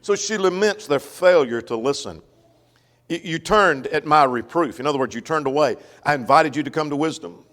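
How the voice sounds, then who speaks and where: A man's voice: a little high, normal speed, a bit bright. A man teaching a Sunday Bible class in a folksy way, often checking that the class follows. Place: church. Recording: long church reverb.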